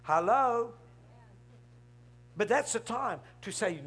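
A male pastor preaching an emphatic, animated sermon, often breaking in with "hello?". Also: very high voice, slow pace, long pauses, husky.

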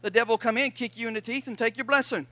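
A high-pitched man preaches with a forceful, bright voice, calling his congregation to answer back. His voice is close and dry, with no room echo. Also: steady tone, very fast. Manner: emphatic preaching with call-and-response to the congregation. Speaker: pastor. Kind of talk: sermon.

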